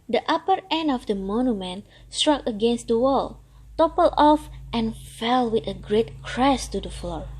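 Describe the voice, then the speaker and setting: A woman reading a storybook aloud as the storyteller, in a slow and measured way. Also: on the high side, lively intonation, a little mellow, husky, poor audio.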